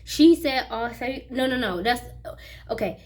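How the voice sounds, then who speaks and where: A young woman with a fairly high voice tells a personal story for her vlog. She is chatty and animated, and she keeps speaking straight to her viewers. It sounds like a casual recording on a phone or camera mic. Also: unhurried. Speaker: vlogger.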